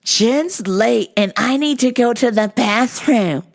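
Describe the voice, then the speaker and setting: A woman's voice: a little high, lively intonation, slow, vocal fry, pitched above the performer's own voice, exaggerated voice. Woman mimicking a whiny tattletale coworker. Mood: tattling.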